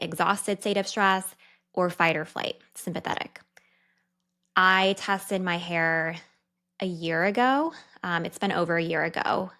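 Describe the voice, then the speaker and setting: Young woman dietitian chatting on her podcast, kinda low voice, candid and quick. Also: fairly bright tone. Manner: chatty and candid, fast asides. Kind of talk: casual solo podcast talk.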